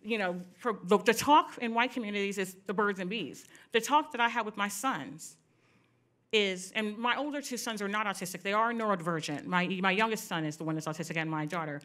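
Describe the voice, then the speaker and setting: A woman's voice: mid-range voice, brisk, fairly bright tone. A middle-aged woman speaking candidly to an audience at a panel event, telling personal stories with many asides.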